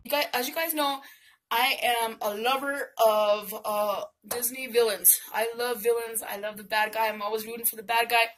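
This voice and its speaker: An older woman vlogging casually at home, gushing and affectionate, her voice a little hoarse. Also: a little high, fairly even intonation, moderate pace, over music. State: voice a bit off, hoarse. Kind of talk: casual vlog chat. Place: home, indoors. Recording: mic at a distance, faint noise.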